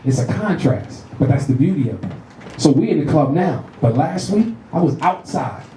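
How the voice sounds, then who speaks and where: Profane Bronx comic on a club stage. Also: male voice, moderate pace, slight background noise. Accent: New York. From the Bronx, New York. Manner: loud, profane, animated storytelling with shrill put-on voices. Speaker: stand-up comedian. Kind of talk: stand-up set. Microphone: handheld stage mic. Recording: roomy club sound from a distant mic. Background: audience laughter.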